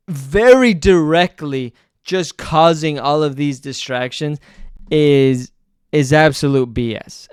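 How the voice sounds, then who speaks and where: A man's voice: a little high, clean tone, no echo, studio quality. A man giving casual, profane, exasperated commentary as a football vlogger, rambling with fillers.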